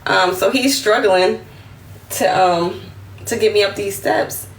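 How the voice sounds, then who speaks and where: A woman in her twenties with a New York accent, telling a story on a phone livestream in a lively, slangy way and acting out the other voices. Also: mid-range voice, slow pace. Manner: animated, slangy, acts out quotes in a raised voice. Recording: roomy, slightly distant phone audio with faint room noise.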